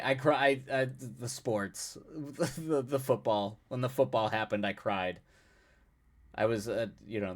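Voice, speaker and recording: A young man hosting a live stream, chatting casually with his viewers, rambling and self-mocking with frequent laughs and restarts. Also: on the low side. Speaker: livestream host. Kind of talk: casual chat with chat readers.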